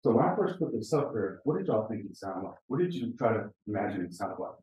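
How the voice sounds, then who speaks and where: A man's voice: lowish voice, sing-song, fast, dark tone, lo-fi sound, a little hiss or hum. A man presenting at a conference, speaking conversationally, telling stories and asking the audience questions. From Native American, Apache. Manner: conversational, asks the room questions, tells stories. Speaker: presenter training teachers. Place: conference session room. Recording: echoey room, mic far off.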